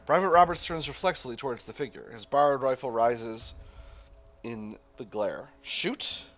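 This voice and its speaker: A man's voice: mid-range voice, moderate pace, a bit bright, soft background music. A man hosting a gameplay video, reading the game text and thinking aloud with hesitant restarts. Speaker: gaming channel host. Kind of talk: let's play narration and reading aloud.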